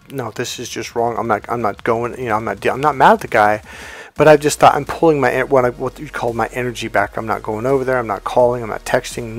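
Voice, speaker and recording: A man in a life coach role, talking through an example in a casual teaching monologue and acting out the quoted dialogue. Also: mid-range voice. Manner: conversational, acts out quoted dialogue.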